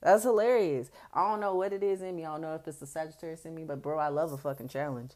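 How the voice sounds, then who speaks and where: A woman's voice: sits low, quick pace, a little mellow. A young woman hosting a podcast, telling stories in a candid, casual way, blunt, profane and boastful. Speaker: podcast host.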